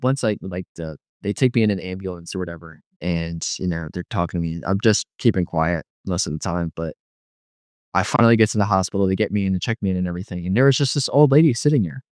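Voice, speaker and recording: Low-voiced man rambling through his testimony. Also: fast talker, darkish tone, no room sound, clean studio sound. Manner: rambling, filler-heavy retelling with frequent "you know". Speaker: guest telling his life story. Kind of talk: personal testimony.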